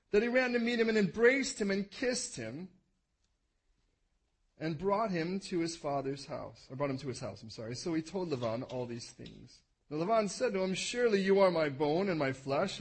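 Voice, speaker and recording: A man with a husky, somewhat high voice reads scripture to his congregation. He is animated and stops often for asides and corrections. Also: poor audio. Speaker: preacher. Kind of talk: reading scripture aloud to a congregation.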